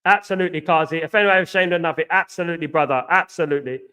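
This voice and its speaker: On his football fan live stream, an East London host speaks very fast with a slightly high voice and a sharp tone. He chats casually, goes over the same points again, reads out comments from viewers and uses "absolutely" often.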